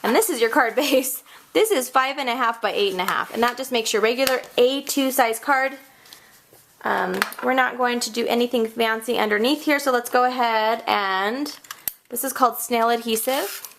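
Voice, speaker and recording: A woman in her thirties hosting a casual card-making tutorial, bubbly and chatty, squealing when she gets excited. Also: on the high side, moderate pace, slight background noise. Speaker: crafting tutorial host.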